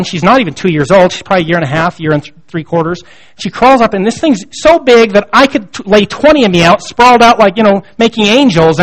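A man in his thirties preaching a sermon, telling stories from his family life in a conversational, self-deprecating way. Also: high voice. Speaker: pastor. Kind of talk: sermon with personal storytelling.

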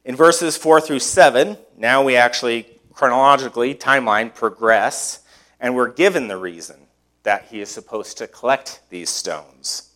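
A man's voice: mid-range voice, normal speed, fairly bright tone. Conversational man preaching a sermon. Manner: conversational, asks the congregation rhetorical questions. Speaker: pastor.

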